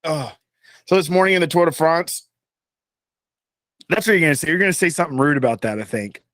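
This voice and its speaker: A man's voice: on the high side, fairly quick, a bit bright, dry recording. A man from Texas, co-hosting a podcast, joking and laughing often in casual chat. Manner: jokey, laughs often, playful. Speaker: podcast co-host.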